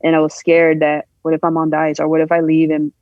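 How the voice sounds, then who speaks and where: A woman guest on a podcast, candidly telling a personal story in a halting, emotional way, acting out the voices she quotes. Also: deep voice, monotone, no echo. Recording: dull lo-fi sound.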